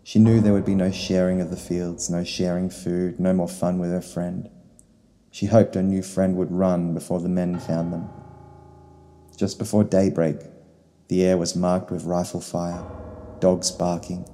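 A man reading a short story in slow, solemn narration. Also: sits low, dark tone. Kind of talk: scripted narration. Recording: long reverb, faint guitar music.

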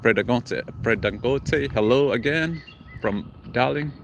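A man's voice: medium pitch, a little slow, slight background noise. Man live-streaming from a park walk. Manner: reads viewer comments aloud and greets them. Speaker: livestream vlogger. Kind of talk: casual live chat reading comments. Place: outdoors in a city park.

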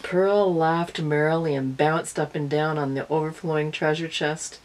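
A woman reading a picture book aloud to young children, in an expressive storytelling way. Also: deep voice, normal speed, poor audio. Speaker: early-years storyteller.

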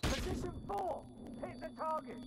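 An actor playing a gruff veteran army captain who runs a training drill with clipped, commanding orders. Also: male voice, very high-pitched, normal speed, very noisy. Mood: barking orders. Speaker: military training instructor. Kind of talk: video game voice acting. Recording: game audio over loud gunfire.

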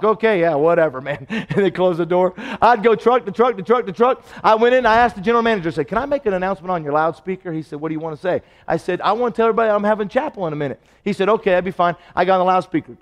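Man, pastor, storytelling sermon, high voice, long church reverb. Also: racing, few pauses. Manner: storytelling, acts out dialogue, swings from loud to hushed. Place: church sanctuary.

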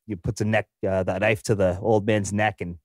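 A man's voice: fairly low pitch, level tone, normal speed, dry recording, clean studio sound. A man co-hosting a film podcast, rambling and laughing often as he swears freely. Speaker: podcast co-host. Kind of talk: casual chat.

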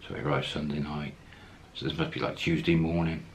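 A man's voice: rumbling low, steady tone, brisk, gravelly, slight background noise. A man casually telling a travel story, acting out the quoted lines as he goes. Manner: anecdotal, acts out quoted lines, chuckles.

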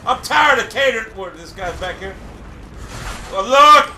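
A man commentating his own gameplay live, cursing and boasting, often breaking into frustrated shouting. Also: high-pitched, expressive, brisk. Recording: echoey room, distant mic, faint hiss.

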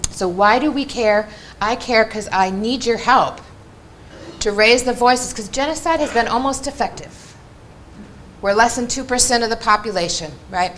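A woman's voice: a little high, moderate pace, fairly bright tone, slight background noise. A woman presenting at a community workshop, speaking earnestly and emphatically to a live audience and often checking in with "right?". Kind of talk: impassioned public talk. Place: meeting room with a live audience. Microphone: microphone.

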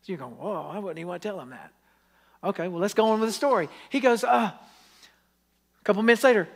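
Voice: medium pitch, animated, brisk, vocal fry, pauses often. A pastor preaching a sermon, telling stories with acted-out quotes and asking the congregation pleading questions.

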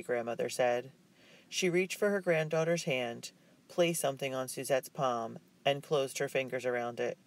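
Measured male audiobook narrator. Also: mid-range voice.

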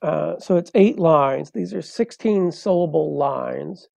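Man, podcast guest poet, professorial explaining, raspy fry in the voice, warm low tone. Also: slow pace, dry recording. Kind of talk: interview conversation.

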